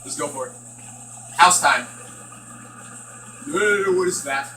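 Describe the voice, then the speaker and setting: A bright, fairly high-voiced man talks through a horror game, jumpy and nervous, cracking jokes to keep himself going. He sits back from the mic in an echoey room with a faint hiss behind him. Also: a little slow, far from the mic. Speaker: gaming channel host. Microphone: distant from the mic.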